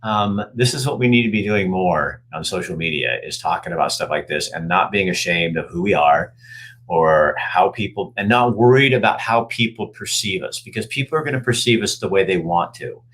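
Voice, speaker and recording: Husky, chatty older man hosting. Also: low-pitched, moderate pace, fairly bright tone, rough recording. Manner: chatty, jokey, rambling with many restarts. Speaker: host. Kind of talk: casual chat.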